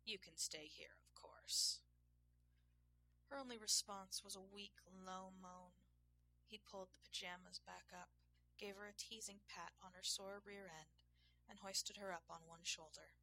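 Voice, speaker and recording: A woman reading an erotic story aloud in a measured, intimate way. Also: medium pitch, fairly even intonation, vocal fry, sharp tone, slight background noise, rough recording. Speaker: narrator. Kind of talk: erotic audiobook narration.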